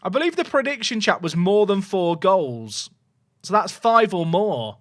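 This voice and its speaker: A young man streaming a football management game, talking to his chat in an excitable, jokey way that swings from loud cheering to muttered asides. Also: sits high, measured pace, dry recording, clean studio sound. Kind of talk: live gameplay commentary to chat.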